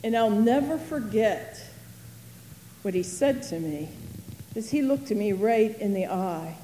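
A woman's voice: medium pitch, lively intonation, measured pace, warm tone, a little hiss or hum, close to an everyday voice. A woman playing a grieving biblical sister in a first-person dramatic monologue, earnest and emotional. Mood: awed, reflective. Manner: earnest and emotional, dwelling on words. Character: grieving woman, sister of Lazarus, fond of tidiness. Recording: roomy hall reverb, faint ambience.

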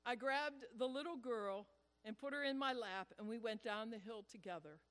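A man preaching a sermon as a pastor, telling a personal story in an earnest, drawn-out way with deliberate pauses. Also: extremely high pitch, fairly bright tone, clear, resonant tone. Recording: long reverb of a large hall.

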